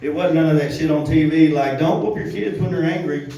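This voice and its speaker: A man's voice: on the high side, fairly even intonation, a little fast, warm tone, slight background noise. A man doing a loose, crude stand-up set, cursing a lot and laughing at his own jokes. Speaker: stand-up comedian. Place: comedy club room. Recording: echoey room, voice from far off.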